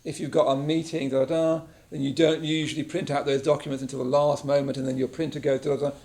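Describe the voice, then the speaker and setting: A man's voice: on the high side, level tone, fast, warm tone. A man teaching a mindfulness class in a casual, conversational way, often checking in with the group. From England. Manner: conversational, checks in with frequent "yeah?". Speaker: meditation teacher. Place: meditation class room.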